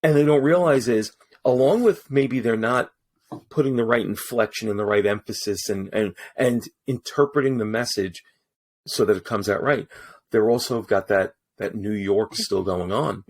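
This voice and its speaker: A man's voice: lowish voice, moderate pace. A man who works as a voice-over artist, chatting casually as a podcast guest and telling stories animatedly, with frequent restarts. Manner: animated storyteller with many restarts. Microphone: studio mic in his booth.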